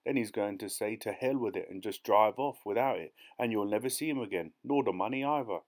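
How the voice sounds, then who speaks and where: A man voicing a coarse, suspicious male farmhand who talks bluntly and quickly. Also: lowish voice, natural voice.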